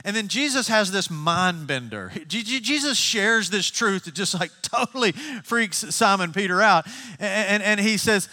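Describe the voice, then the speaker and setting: A man preaching a sermon as pastor, conversational and animated, telling stories with frequent restarts. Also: sits high. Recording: long hall reverb.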